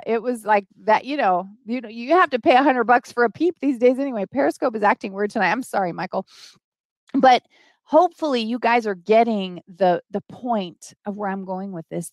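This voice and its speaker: A middle-aged woman hosts a casual live stream, speaking earnestly and pleading with her viewers. Her voice sits a little high. The sound is dry and close, with no room echo.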